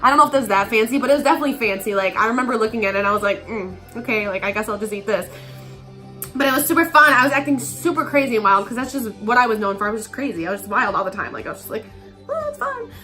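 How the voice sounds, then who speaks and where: A young woman tells a story in a loose, chatty way, her voice bright and fairly high, with "like" dropped all through it. She acts out the people in her story as she goes. Soft music plays behind her. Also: racing, few pauses. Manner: chatty, heavy use of "like", acts out quotes. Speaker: vlogger. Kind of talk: casual storytime monologue.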